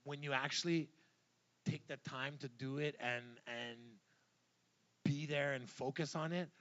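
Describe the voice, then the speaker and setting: A celebrity chef telling animated, rambling stories full of fillers, on stage at a live event. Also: male voice, on the high side, measured pace, lo-fi sound. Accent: Montreal English. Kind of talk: casual stage chat.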